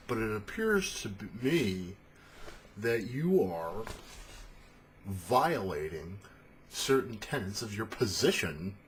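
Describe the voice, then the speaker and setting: A man's voice: lowish voice, sing-song, slow, long pauses, a little hiss or hum. A man voicing a pompous, stiffly polite male paladin who speaks formally. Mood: stern.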